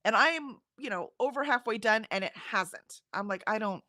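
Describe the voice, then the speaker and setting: Her voice is on the high side, bright and forceful, with lively intonation and a moderate pace. She's a middle-aged livestream host from Houston, Texas, casually rambling and laughing while reading out comments, recorded in clean studio quality without echo.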